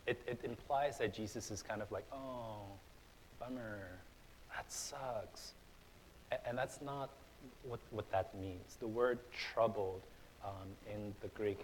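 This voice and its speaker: A man's voice: on the low side, slight background noise, rough recording. Casual young man preaching a sermon. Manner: casual, conversational preaching with fillers and repeated starts; builds to loud, emphatic passages. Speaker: pastor. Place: church hall.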